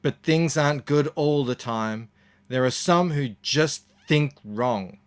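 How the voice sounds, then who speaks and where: A man's voice: mid-range voice, takes it slowly, clean tone, natural voice. A man with an Australian accent voicing a self-righteous young activist woman in a comic reading, breezy and self-important. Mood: indignant. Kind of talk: comic reading of a short piece.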